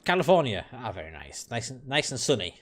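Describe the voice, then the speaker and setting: A man's voice: medium pitch, big pitch swings, brisk. A British man streaming a game late at night, chatting with viewers in a blunt, opinionated and profane way. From United Kingdom. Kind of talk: casual live-stream chat while playing.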